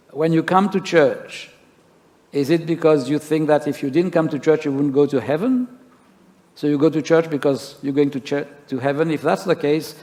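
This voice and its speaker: Man, pastor, storytelling sermon, rhetorical questions, fairly high voice, long church reverb. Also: a little mellow.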